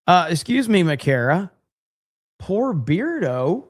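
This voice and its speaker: A man hosts a casual livestream, reading viewer super chats aloud and answering them with joking exasperation. His voice sits slightly high for a man. The sound is close and dry, with little room around it. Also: very animated, takes it slowly, no room sound. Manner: jokey, exasperated reactions, reads viewer messages aloud.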